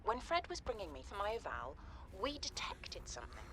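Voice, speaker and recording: A curious young castaway in a video game, asking question after question in a lively, sing-song voice. Her pitch sits in the middle and swings widely. A clear noise runs under the game audio. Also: fairly quick.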